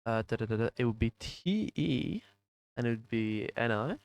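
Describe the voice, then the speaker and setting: A man lectures over a voice call, rattling through dense material and checking in with "right?" as he goes. His voice is mid-pitched and sounds dry and close to the mic, with no room around it. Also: expressive, no room sound. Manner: quick, filler-heavy explaining. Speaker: online class teacher.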